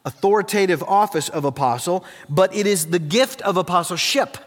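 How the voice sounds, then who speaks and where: Animated preacher man in a reverberant hall. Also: moderate pace. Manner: animated storyteller, voice climbs high when acting out his younger self. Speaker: pastor. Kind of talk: sermon with personal storytelling.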